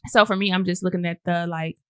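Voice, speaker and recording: Fast-talking, bright-voiced woman in her thirties. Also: fairly low pitch, steady tone, smooth, dry recording, clean studio sound. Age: 30s. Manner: candid, emphatic, with colloquial slang. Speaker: guest. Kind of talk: casual chat.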